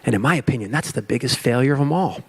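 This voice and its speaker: A man's voice: mid-range voice, expressive, very fast, husky. Motivational man speaking to a crowd. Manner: storytelling, emphatic repetition. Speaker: keynote speaker. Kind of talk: motivational speech.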